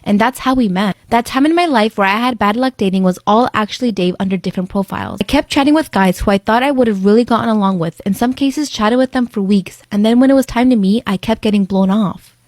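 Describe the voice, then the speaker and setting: A woman reading a personal story aloud in a brisk, dramatic way. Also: medium pitch, darkish tone, dry recording.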